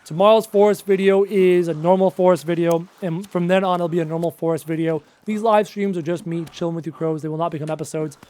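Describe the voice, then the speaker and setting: High-voiced chatty man streaming a game. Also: steady tone, fast talker, hardly any pauses, mellow. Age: late 20s. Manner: chatty, answers chat questions aloud, self-mocking jokes. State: voice wearing out, losing his voice. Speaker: live streamer. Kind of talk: casual live-stream chat while playing.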